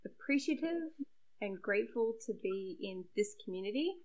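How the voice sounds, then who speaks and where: A woman's voice: medium pitch, expressive, moderate pace, darkish tone, low-quality recording. A young woman chatting casually on a podcast about making webcomics, self-deprecating, with lots of fillers and laughter. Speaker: webcomic creator and site regular.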